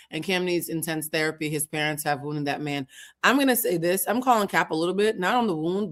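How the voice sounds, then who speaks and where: A woman co-hosting a loose chat show, talking bluntly with a dry, sarcastic edge. She keeps it casual and cutting. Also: low-pitched. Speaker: co-host.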